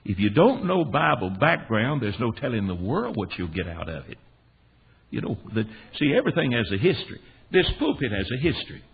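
A gravelly-voiced American man leads a Bible class, his pitch rising and falling in animated swings as he tells stories and quizzes his class. The sound is thin and phone-like, with a faint hiss underneath. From United States. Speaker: Bible teacher.

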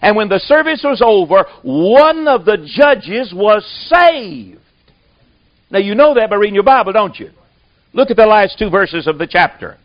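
A man with a fairly high voice preaching a sermon, telling stories in a plain folksy way. The recording is dull and lo-fi, with muffled highs. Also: very animated, moderate pace. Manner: folksy storytelling.

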